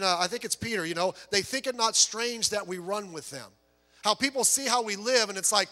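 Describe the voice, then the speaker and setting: High, bright-voiced preacher in a reverberant hall. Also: male voice. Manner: animated storytelling preacher, jokes, quick voiced asides. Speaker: pastor. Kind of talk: sermon.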